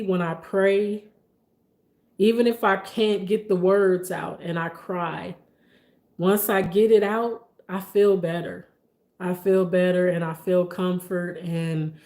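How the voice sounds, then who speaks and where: A woman's voice: medium pitch, darkish tone. A woman guest in a casual podcast conversation, speaking earnestly and from the heart. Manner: earnest and heartfelt, speaks openly about faith.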